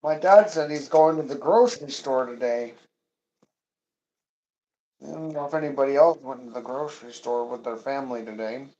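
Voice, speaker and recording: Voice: mid-range voice, moderate pace, mellow, highs cut off. A cooking streamer chatting casually and playfully, often chanting little words in a sing-song way.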